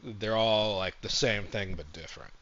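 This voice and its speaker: A man hosting a livestream, rambling through a comedic monologue with sarcastic, deadpan jokes. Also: on the low side, normal speed, dull audio. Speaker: streamer host.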